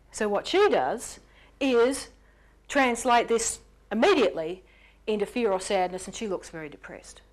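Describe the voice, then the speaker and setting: Animated woman giving a lecture. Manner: animated, jumps in pitch on key words; acts out quoted lines in character. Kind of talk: explanatory lecture.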